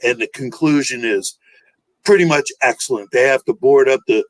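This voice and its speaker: A man in a casual panel discussion, giving his opinions in a measured, unhurried way. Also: medium pitch, dry recording, low-quality recording. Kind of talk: casual debate chat.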